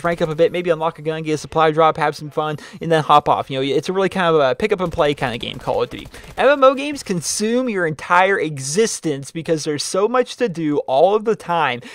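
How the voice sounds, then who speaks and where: A man hosting a show, reading viewer letters aloud and answering them in rambling, animated casual talk with lots of repetition. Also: fairly high pitch, no room sound. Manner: rambling, repeats himself, animated emphasis. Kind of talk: casual spoken commentary.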